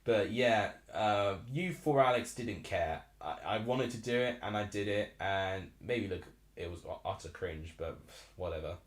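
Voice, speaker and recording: In a roomy-sounding recording, a young Essex man in his twenties speaks at a measured pace with a lowish voice. He's hosting a live football watchalong, chatting ramblingly and reacting aloud to the game.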